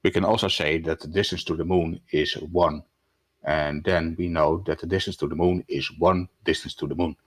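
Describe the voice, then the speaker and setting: A man's voice: low-pitched, fairly even intonation, moderate pace. A man in an online debate, hesitantly arguing his point step by step. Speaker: debate panelist.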